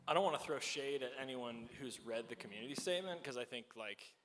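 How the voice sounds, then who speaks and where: A man's voice: mid-range voice, a bit bright, slight background noise. A man in his forties leading a church liturgy, chatty and self-deprecating, with many fillers. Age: 40s. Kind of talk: casual church service talk. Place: church hall. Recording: long echoing hall reverb.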